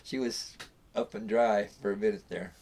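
A man's voice: on the low side, steady tone, moderate pace, a little mellow, slight background noise, poor audio. A man casually telling a story about a boat party, rambling with restarts and asides. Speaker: storyteller guest.

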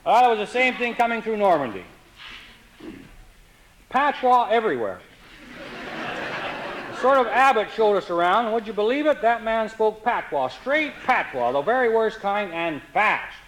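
A man telling comic stories in a dry, wry, deadpan way. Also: sits high, moderate pace, long pauses, slight background noise, rough recording. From Canada. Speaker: humorist. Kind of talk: comic storytelling.

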